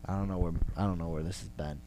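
A man's voice: low voice, steady tone, fast, dark tone. A young adult man hosting a podcast, delivering a profane, exasperated comedic rant full of repetition. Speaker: podcast host. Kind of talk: comedic ranting monologue.

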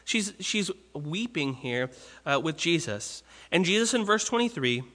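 A man's voice: on the high side, big pitch swings, a little slow, sharp tone, in a large hall. A man preaching a sermon in an earnest, conversational way, often restarting phrases.

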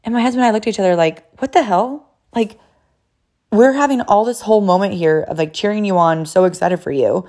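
A woman in her thirties tells a family story straight to her viewers, chatty and loose, with a steady stream of fillers. She slips into quick quoted voices for her kids and her husband, and her pitch sits in the middle range for a woman. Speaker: mother telling a family story.

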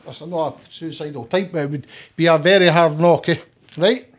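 A man's voice: a little high, fairly even intonation, fairly quick, husky. A middle-aged man with a Scottish accent, talking as a guest in a heated, emphatic, sweary way with many restarts. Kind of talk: casual interview chat.

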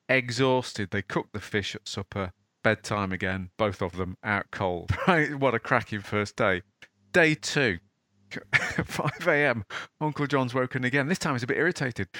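A man hosting a podcast, chatty and animated, telling a story off the top of his head. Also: mid-range voice, no room sound, clean studio sound. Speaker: podcast host. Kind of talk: casual podcast talk and storytelling.

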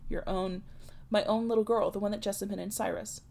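A woman's voice: mid-range voice, steady tone, fairly quick, gravelly, a little mellow, a little hiss or hum, close to an everyday voice. A woman reading a novel aloud, voicing a defiant, distraught young unmarried woman who pleads in anguish.

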